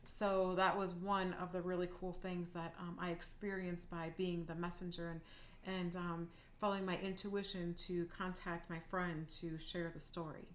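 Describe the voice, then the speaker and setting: A woman's voice: on the low side, little pitch movement, normal speed, roomy sound, slight background noise. A woman from Wisconsin, co-hosting a talk show, telling a personal story in a chatty way with lots of ums. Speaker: co-host. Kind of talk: casual storytelling.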